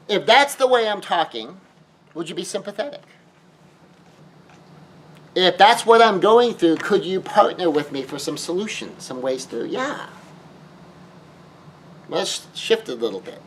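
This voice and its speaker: A man's voice: high-pitched, animated, a little slow, pauses often, low-quality recording. A man lecturing on grief in an emphatic way, repeating key phrases and asking the listener rhetorical questions. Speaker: grief speaker.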